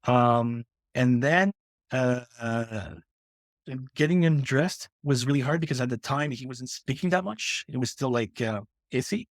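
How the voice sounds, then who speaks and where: A man's voice: medium pitch, unhurried, no echo. A middle-aged man from Canada, a guest author speaking earnestly in a casual interview, with many restarts and fillers.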